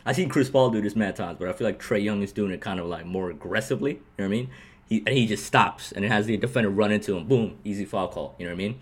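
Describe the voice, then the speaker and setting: A man with a husky, somewhat low voice co-hosts a basketball podcast. He rambles in an animated way and laughs often. He keeps checking in with his partner as he talks. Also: very fast. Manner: rambling, animated, laughs often, repeats "you know what I mean". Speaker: podcast co-host. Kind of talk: casual sports chat.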